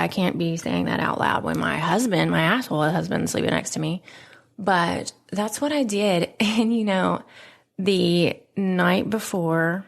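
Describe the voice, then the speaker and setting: Podcast host, thirties woman: low, fry-laden voice, dramatic personal storytelling, quick whispers and laughs. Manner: dramatic, emotional, laughs often, slips into whispers.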